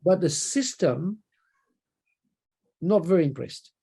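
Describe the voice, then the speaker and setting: A man's voice: high-pitched, expressive, takes it slowly, creaky, dark tone, husky. A man telling a story in a casual interview, rambling and often tagging "right?" onto his sentences. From Australia. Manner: rambling, repeats words, frequent "right?" tags. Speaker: interview guest.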